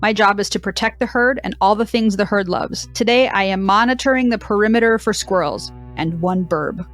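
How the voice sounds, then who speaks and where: A woman's voice: mid-range voice, fairly quick, soft background music, close to an everyday voice. A woman voicing a sassy, dramatic deaf female cow dog, reading her diary with a dry, mock-dramatic delivery. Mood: proud.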